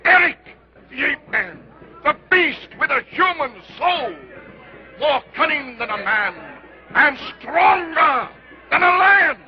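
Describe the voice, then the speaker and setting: A booming sideshow barker calls to a crowd with a hard-selling pitch, his voice strikingly high for a man. A faint crowd murmurs behind him, and the old 1930s soundtrack sounds dull. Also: expressive, slow pace, exaggerated voice. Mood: hawking. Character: loud male sideshow barker. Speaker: carnival barker.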